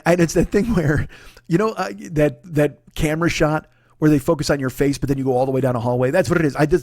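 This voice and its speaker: A man hosting his own comedy show, telling a long story in a profane, animated, self-deprecating way. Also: fairly high pitch, dry recording, clean studio sound. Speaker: comedian host. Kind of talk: comic storytelling monologue.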